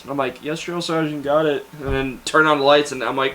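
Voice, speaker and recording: Bright-voiced young man telling army stories. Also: mid-range voice, a little fast, a little hiss or hum. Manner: laughing, animated anecdote telling. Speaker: guest. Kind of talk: casual storytelling.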